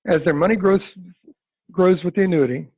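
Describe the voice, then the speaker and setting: A man runs a sales training webinar, acting out client dialogue in a homespun, emphatic manner. He has a husky, high-sitting voice and talks fairly quickly. The audio comes through a dry, tinny line that sounds like a phone.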